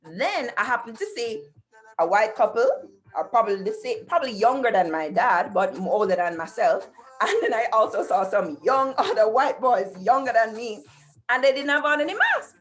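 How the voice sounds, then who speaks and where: Speaking at a normal speed in an expressive, fairly high voice, a middle-aged talk show host tells stories with emphasis and addresses her audience head-on. Faint music plays behind her, and her computer mic carries the sound over a video call in this casual monologue.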